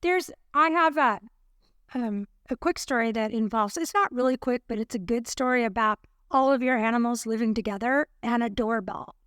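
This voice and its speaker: Woman, podcast co-host, high voice, dry close mic, lively storyteller. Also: moderate pace, clean tone, dry recording. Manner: animated storyteller, acts out voices. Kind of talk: casual chat, storytelling.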